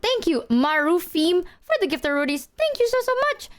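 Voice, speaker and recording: A young adult woman streamer chatting casually, animated and slangy, swearing and laughing as she talks to her chat. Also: very high voice, fairly quick. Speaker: livestreamer.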